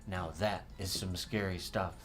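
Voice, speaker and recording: A man hosts a recovery talk show over a livestream, his voice sitting a little low. He rambles playfully and greets viewers by name. He shifts between quick chatter and slow, dramatic delivery, with faint music playing underneath. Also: fairly even intonation.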